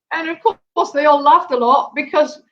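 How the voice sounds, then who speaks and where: A woman's voice: high voice, sing-song, slow pace, noisy background. A woman with a Portuguese accent, a native Portuguese speaker, explaining her language in a casual chat, giggly and explanatory. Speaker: language guest.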